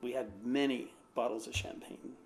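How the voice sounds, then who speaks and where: A man's voice: mid-range voice, flat delivery, normal speed, creaky, soft background music. A man, an American pastor, telling a rambling personal anecdote in a casual way, with lots of fillers. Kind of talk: casual storytelling.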